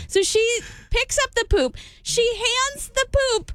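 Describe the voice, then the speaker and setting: A woman telling a story in casual chat. She is animated, acts out the quotes and laughs often. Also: very high-pitched, slow, dry recording.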